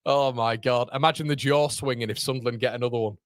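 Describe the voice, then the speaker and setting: A man hosting a live watchalong, shouting at the match and chatting with his viewers in British slang. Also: mid-range voice, fairly even intonation, fast talker, dry recording, clean studio sound. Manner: uses British slang like lads, mate, muppets. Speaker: live-stream watchalong host. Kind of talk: excitable live football reaction chat.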